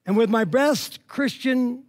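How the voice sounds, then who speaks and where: A man preaching a sermon as a conversational story, acting out dialogue and checking in with the congregation. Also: slow pace. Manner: animated, acts out dialogue with swings in pitch and loudness; conversational, frequent "all right?" and "you know what I mean?". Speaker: pastor.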